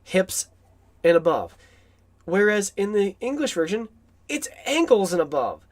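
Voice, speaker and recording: A man's voice: high-pitched, very animated, a little slow. A man giving an enthusiastic, rambling film commentary, with asides and chuckles.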